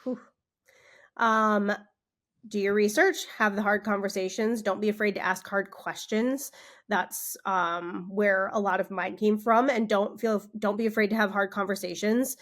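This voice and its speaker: A woman's voice: mid-range voice, fairly even intonation, measured pace, a bit bright. A woman, a magazine owner, talking as a guest in a casual interview, chatty and upbeat, laughing easily.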